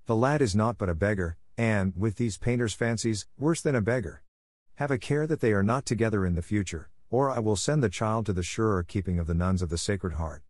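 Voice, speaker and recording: A gruff, scolding middle-aged miller from a storybook, as a man reading aloud puts him on. His voice sits a little above the reader's own low voice. The recording is dry and close. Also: fairly quick, darkish tone, dry recording, natural voice. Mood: stern. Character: stern, harsh middle-aged male miller. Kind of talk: scripted audiobook narration.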